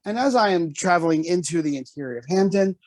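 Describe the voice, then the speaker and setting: A man telling a story on a casual podcast, animated and swearing often, jumping high when quoting himself. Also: quick pace, dry recording. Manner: animated, swears often, jumps to high pitch for quoted lines. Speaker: podcast co-host.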